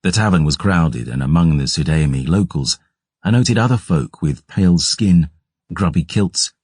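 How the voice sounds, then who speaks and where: A man giving gruff, measured first-person audiobook narration. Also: low-pitched, expressive, darkish tone, dry recording, studio quality.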